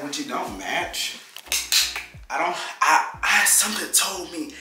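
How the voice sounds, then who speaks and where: Chatty young man vlogging over loud music. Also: sing-song, slow pace. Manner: chatty, loose and slangy, with abrupt jumps up in pitch. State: out of breath. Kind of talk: casual vlog chat. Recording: roomy sound with loud music underneath.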